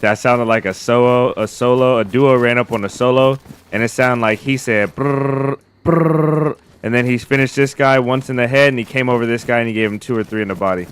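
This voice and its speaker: A man's voice: mid-range voice, steady tone, fast, few pauses, clear, resonant tone. A man streaming a survival game, giving casual commentary and thinking aloud, often restarting his sentences.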